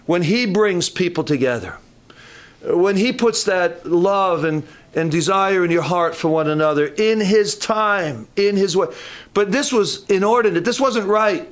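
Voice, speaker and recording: A man's voice: high voice, animated, unhurried. Folksy older male camp preacher. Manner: folksy, humorous asides with frequent restarts. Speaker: pastor. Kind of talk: sermon. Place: church camp meeting.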